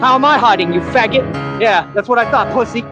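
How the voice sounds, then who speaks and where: A man's voice: extremely high pitch, brisk. A man ranting on his livestream in a defiant, profane, taunting way, playing as a clip. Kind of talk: confrontational livestream rant. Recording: muffled clip with loud music.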